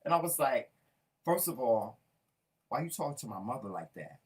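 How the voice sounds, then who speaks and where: A man's voice: mid-range voice, big pitch swings, moderate pace, darkish tone, far from the mic. A man co-hosting a talk show, telling heated stories brashly and cursing a lot. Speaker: co-host. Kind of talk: casual chat.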